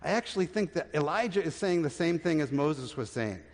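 A man preaching a sermon as pastor, conversational, with restarts, and dropping to a hushed voice for tender points. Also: a little high, lively intonation, fairly quick. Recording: reverberant church hall.

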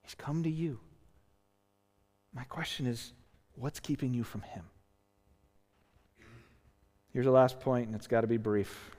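A man's voice: mid-range voice, a little mellow. A male pastor preaching a sermon, earnest and emphatic, tired and often asking "right?". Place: church sanctuary. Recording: long reverb of a church hall.

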